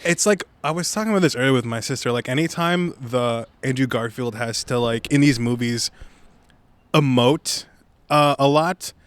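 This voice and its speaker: A man's voice: medium pitch, normal speed, smooth. A young man co-hosting a podcast, rambling and laughing as he talks about a movie. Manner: rambling, animated, laughs a lot. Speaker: podcast co-host. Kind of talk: casual movie review chat.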